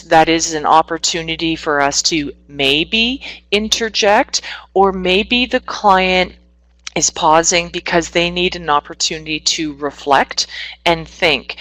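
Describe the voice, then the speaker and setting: A woman from Northwestern Ontario, a psychotherapist, presenting a webinar in a quick, conversational way with small asides. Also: low-pitched, fairly bright tone, no room sound, low-quality recording. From Northwestern Ontario, Canada. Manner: fast-talking, self-aware, conversational with asides.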